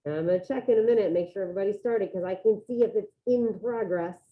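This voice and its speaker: A woman teaching a Spanish class over a video call, giving brisk step-by-step instructions and coaxing students to get the work done. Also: mid-range voice. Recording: tinny phone-like video call audio.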